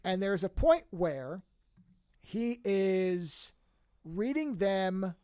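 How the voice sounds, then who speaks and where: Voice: mid-range voice, extremely slow, clear, resonant tone, no echo, clean studio sound. A podcast host casually recapping a TV series, telling it with energy and acting out the characters' lines, often restarting and correcting mid-sentence. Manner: animated storytelling, acts out characters' lines.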